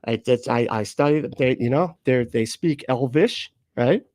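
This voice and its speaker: A man's voice: medium pitch, normal speed, darkish tone, no room sound. Profane rambling male streamer. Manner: profane, rambling, jokey, reads chat aloud. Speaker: streamer reacting to clips. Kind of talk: casual live-stream chat.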